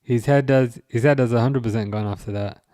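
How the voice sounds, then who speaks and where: A man hosting a casual live football watchalong, reading out chat, laughing often and tripping over his words when he gets excited. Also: mid-range voice, brisk, dry recording, clean studio sound. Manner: excitable, laughing, stumbling restarts. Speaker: livestream host reading chat.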